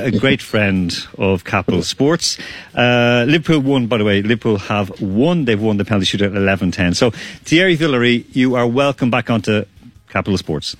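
A man's voice: on the low side, dry recording. A man from Ireland, co-hosting a sports radio show in a rambling, laughing, casual way. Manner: rambling, laughs often, talks fast. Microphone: studio microphone.

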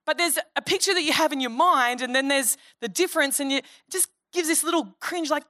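A woman's voice: high-pitched, fairly quick, hardly any pauses, pushed and bright, dry recording, clean studio sound. A middle-aged Australian woman pastor preaching a sermon in a chatty, humorous way, acting out the voices she quotes.

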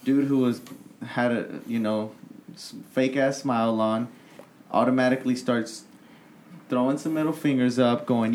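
Mellow-voiced young man, blunt and profane. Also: mid-range voice, lively intonation, moderate pace, slight background noise. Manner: heated retelling, swears freely. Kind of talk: casual storytelling chat.

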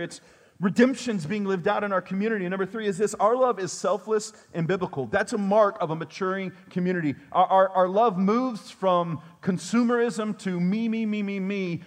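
A male pastor preaching a sermon in a conversational way, with joking asides to his congregation. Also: high-pitched.

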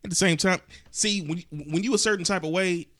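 A man's voice: high voice, brisk, no room sound, studio quality. A man from Cleveland co-hosting a casual podcast, telling stories animatedly and hedging his opinions. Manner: animated storyteller, laughs often, hedging restarts. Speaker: podcast co-host.

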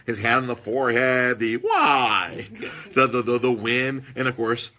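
A man telling stories in casual podcast chat, animated, with husky tone. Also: medium pitch, measured pace. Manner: animated storytelling with put-on quoted voices.

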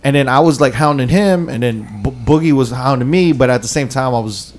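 A man's voice: medium pitch, brisk, a little hiss or hum. A young man telling a rambling, slang-filled story to friends and acting out the people in it. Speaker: podcast co-host telling a story. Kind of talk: casual storytelling among friends.

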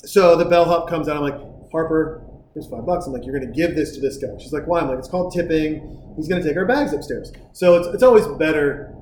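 Podcast host, male, slightly high voice, lively profane storyteller, roomy echo. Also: fairly quick. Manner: profane, animated storyteller acting out quotes. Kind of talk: casual storytelling chat. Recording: roomy with faint noise.

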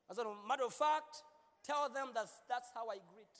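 A man's voice: very high voice, moderate pace, a bit bright. A man preaching as a pastor, playful and joking with his congregation, repeating words as he preaches in a large church. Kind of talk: sermon. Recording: long hall reverb.

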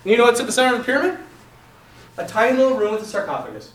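A man's voice: very high-pitched, rapid-fire. A man who is a Catholic priest, talking casually to a group and telling a story with lots of laughter and acted-out quotes. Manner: animated, laughs often, acts out quotes. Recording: roomy hall, distant mic.

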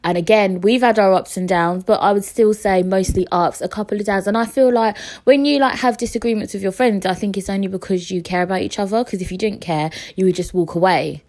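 A woman's voice: medium pitch, fairly quick, few pauses, darkish tone. A young woman, hosting her own podcast in casual, chatty talk, swearing and teasing herself as she goes. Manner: chatty, swearing, self-mocking, emotional. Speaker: podcast host. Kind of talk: casual solo podcast chat.

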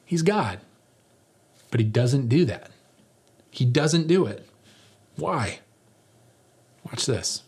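A man preaching a sermon as pastor, animated and jokey, acting out the lines he quotes. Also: mid-range voice, slow, long pauses, slightly rough.

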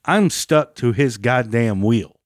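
A man tells his story in a heated, profanity-laced rant, still angry long after the fact. His voice sits mid-range but jumps higher as he relives it. The sound is dry and close, with no room around it. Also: lively intonation, takes it slowly, no echo. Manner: heated, heavy swearing, rising pitch when agitated. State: still angry about the event.

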